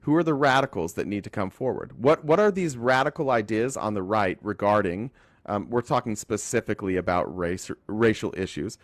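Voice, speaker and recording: ユタ州出身の男性が、ライブ配信の視聴者コメントに応えながら、脱線や言い直しを交えて政治の話を気ままに語っている。. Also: male voice, on the low side, no echo. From Utah. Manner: rambling, talks to chat, self-correcting. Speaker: livestream host. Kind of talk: casual political livestream chat.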